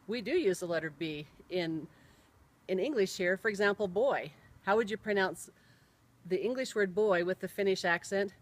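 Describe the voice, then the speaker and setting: A middle-aged woman shares a personal story in an unhurried storytelling voice. Her pitch sits in an everyday middle range, and she spells out letters and words one at a time, carefully. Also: rough recording.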